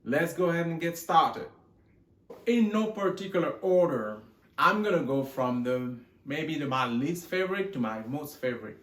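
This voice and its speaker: Male vlog host, a touch high, joking and rambling, fake Texan-Australian drawl, roomy echo. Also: animated, moderate pace, fairly bright tone. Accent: put-on mixed Texan and Australian. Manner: rambling, joking, loses count. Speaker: gun channel host. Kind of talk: casual show-and-tell vlog. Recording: echoey room.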